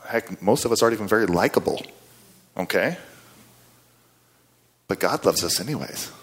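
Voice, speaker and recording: A man's voice: on the low side, animated, moderate pace, husky. A middle-aged man preaching a sermon in a conversational, folksy way, with asides and rising emphasis. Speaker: guest preacher.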